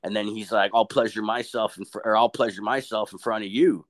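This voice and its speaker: His voice is fairly low and his pace brisk as this young man spins a vulgar tale among friends. Cursing nonstop, he lively reenacts the characters' lines with comic voices.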